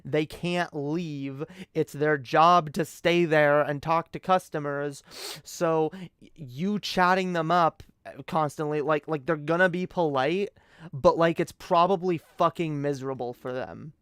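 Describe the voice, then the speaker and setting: A man's voice: a little high, a little slow, fairly bright tone, clean tone, no echo, studio quality. Young man rambling on a late-night stream. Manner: rambling, profane, many restarts.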